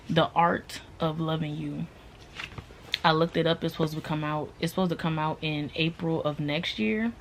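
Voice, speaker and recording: A woman's voice: sits low, a little hiss or hum. A woman chatting casually through a book review, rambling with lots of fillers.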